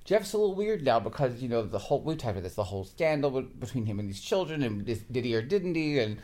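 Very deep-voiced animated woman. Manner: animated storyteller, quick to laugh. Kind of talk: casual chat.

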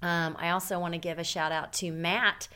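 A woman's voice: lowish voice, steady tone, normal speed, bright, forceful tone, clean tone. A woman hosting a podcast, chatting casually and candidly, rambling with lots of fillers. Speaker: podcast host. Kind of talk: casual chat.

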